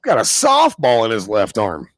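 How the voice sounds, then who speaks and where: A man with a lowish voice runs a live reaction stream, firing off quick exclamations and rambling asides. The sound is dry and close, with no room around it. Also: huge pitch swings, dry recording.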